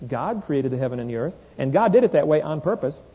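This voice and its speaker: A man giving an animated, joking talk to an audience and quoting both sides of a conversation. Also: fairly high pitch, fast, husky. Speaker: guest speaker. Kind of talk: humorous storytelling talk to an audience. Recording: dull, lo-fi recording with long hall reverb.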